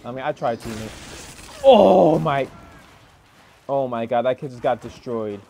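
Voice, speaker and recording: A young man giving rambling, excitable live commentary over a match, swearing often and filling gaps with "like" and "oh my god.". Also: medium pitch, fast talker, highs cut off, slight background noise. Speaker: gaming streamer.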